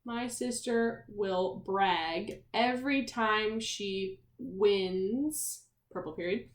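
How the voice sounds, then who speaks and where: A woman teacher talks young children through a spelling lesson, spelling out every letter and sound. She speaks slowly and clearly at a medium pitch and keeps asking the class questions. The room around her has a noticeable echo. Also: slight background noise. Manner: encouraging, asks questions to the class.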